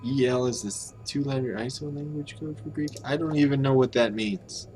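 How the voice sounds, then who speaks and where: A man's voice: mid-range voice, normal speed, a little mellow, a little hiss or hum. A man streaming a game, thinking aloud and muttering as he puzzles over how to pronounce Japanese words. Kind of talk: casual think-aloud while reading game text.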